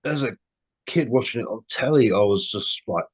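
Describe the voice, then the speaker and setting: A man's voice: mid-range voice, expressive, normal speed, slightly rough. A man co-hosting a casual film podcast, laid-back, swearing casually and murmuring agreement. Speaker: podcast co-host.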